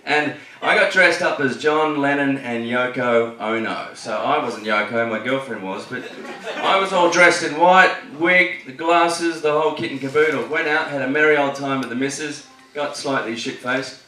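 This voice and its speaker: Cheeky Australian comic on stage. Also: male voice, mid-range voice, moderate pace, bright, forceful tone. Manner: cheeky, swears a lot, tells story jokes. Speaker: stand-up comedian. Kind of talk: stand-up comedy set. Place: comedy club stage. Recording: echoey club, distant mic, noisy.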